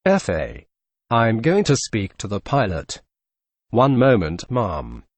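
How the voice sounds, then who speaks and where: A man voicing a polite flight attendant in a lowered, calm voice. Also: slow pace, no room sound, exaggerated voice.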